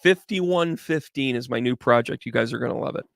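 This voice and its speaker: A man doing casual live tarot readings as a medium, chatty and animated, greeting viewers by name. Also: mid-range voice, brisk, vocal fry, no echo, clean studio sound.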